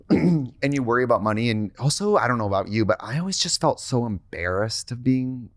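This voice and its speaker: A man hosting a podcast, chatting casually with quick joking reactions. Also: mid-range voice, expressive, dry recording. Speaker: podcast host.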